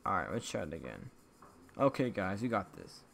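A young man hosts his own gaming channel in a bright, forceful voice, chatting restlessly to his viewers. A faint hiss of noise sits under the recording. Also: low voice, sing-song, normal speed, creaky. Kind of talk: casual gaming commentary.

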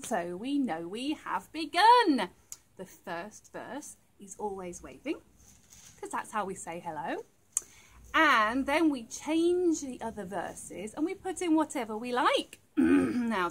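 A woman presenting a library rhyme time for small children, talking to them at home in an animated way and making playful animal noises. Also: high voice.

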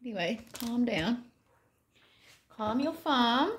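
A woman's voice: a little high, expressive, slow pace, fairly bright tone. Chatty Australian woman in an echoey kitchen. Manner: chatty, thinks aloud, self-deprecating asides. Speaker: vlogger. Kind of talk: casual cooking vlog chat. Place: home kitchen. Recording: echoey kitchen with dish clatter.

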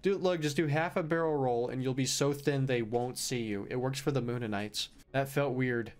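A man's voice: medium pitch, moderate pace. A man giving let's play commentary on a video game, joking, swearing casually and reacting with playful disbelief. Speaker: gaming YouTuber.

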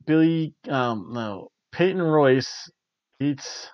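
A man's voice: on the high side, animated, drawn-out words, a little mellow, dry recording, lo-fi sound. A man hosting a casual spoken review. He rambles, corrects himself and chuckles often. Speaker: host of a wrestling review show.

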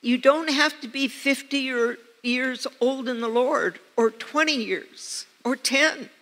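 A woman's voice: sits high, slow, fairly bright tone. An older woman preaching a sermon, telling personal stories with earnest, emphatic repetition. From United States. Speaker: pastor. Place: church sanctuary. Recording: long church reverb.

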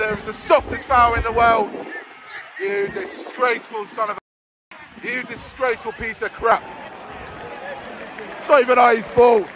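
Angry football fan filming himself in the stands; high, shouting voice over a loud, noisy crowd. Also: male voice, vocal fry. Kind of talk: live match reaction from the stands. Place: football stadium stands, outdoors. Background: roaring crowd.

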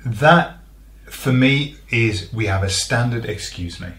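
A man's voice: mid-range voice, lively intonation, takes it slowly, fairly bright tone. A man from northeast England, co-hosting a casual vlog and explaining plainly. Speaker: co-host. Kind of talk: casual chat. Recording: echoey room.

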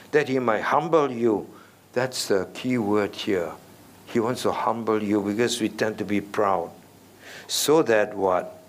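A middle-aged man preaching an expository sermon as senior pastor, stressing key words and putting rhetorical questions to the congregation. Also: mid-range voice.

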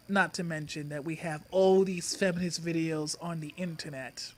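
A man ranting in a mocking response video, sneering and insulting with drawn-out pauses. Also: fairly high pitch, fairly even intonation. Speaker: YouTube commentator.

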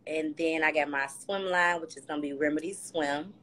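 A woman's voice: low voice, moderate pace, a little hiss or hum. Candid woman, casual slang. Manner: candid, loose, animated with slang. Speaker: reality show cast member, guest. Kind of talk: casual livestream interview. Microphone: phone on a live video call.

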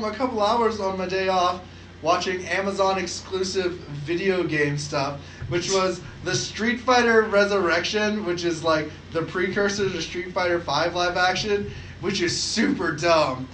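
A man co-hosting a podcast, talking in an animated, excitable way and swearing freely. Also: high-pitched, a little slow, reverberant, a little hiss or hum, low-quality recording. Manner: animated, profane, excitable storytelling. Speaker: podcast co-host. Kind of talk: casual podcast chat.

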